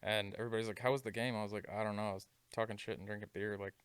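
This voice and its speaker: A man's voice: lowish voice, flat delivery, racing, clean tone, no echo. A man co-hosting a podcast, chatting in a laid-back, matter-of-fact way. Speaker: podcast co-host. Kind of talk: casual chat.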